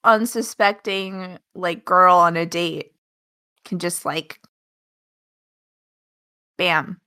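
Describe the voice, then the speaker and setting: A woman co-hosting a podcast, giggly and animated, jumping in with jokes. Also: on the low side, drawn-out words, clean tone, dry recording, clean studio sound. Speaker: podcast co-host. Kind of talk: casual chat.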